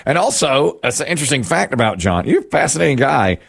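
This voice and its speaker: A man hosting a call-in radio show, upbeat and quick to react, joking with the caller. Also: mid-range voice, big pitch swings, gravelly, fairly bright tone, husky. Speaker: radio host.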